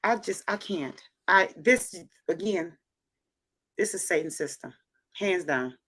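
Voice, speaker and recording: A woman's voice: fairly low pitch, lively intonation, slow pace, a bit bright, husky. A woman hosting a casual livestream chat, talking emphatically and repeating phrases for stress. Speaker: show host reading viewer comments.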